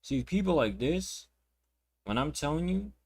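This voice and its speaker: A man's voice: on the high side, sing-song, a little slow, husky. A young man ranting indignantly while reacting to clips, talking in a profane, repetitive way. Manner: repeats words and restarts sentences. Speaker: reaction channel host. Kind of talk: reaction commentary.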